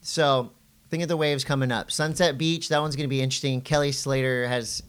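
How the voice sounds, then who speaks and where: Middle-aged male podcast co-host, animated storyteller, mid-pitched, high-voiced quotes. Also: brisk, clean tone. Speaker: podcast co-host and surf commentator. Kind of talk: casual podcast chat.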